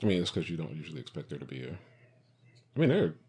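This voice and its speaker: Very deep-voiced man explaining. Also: big pitch swings, fast talker, darkish tone, husky. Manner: explains things patiently, steers the talk. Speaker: podcast host. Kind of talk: casual chat.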